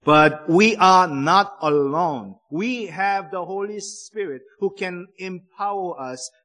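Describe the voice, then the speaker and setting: Slow, high-voiced male preacher. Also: a bit bright. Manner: slow, deliberate phrasing with emphatic stresses. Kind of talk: sermon.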